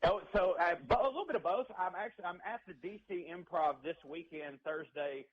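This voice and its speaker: Southern guy cracking jokes about himself on the phone, kinda high voice, dull muffled line. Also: a little fast. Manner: joking, self-deprecating storyteller. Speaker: stand-up comedian guest. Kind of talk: casual phone interview.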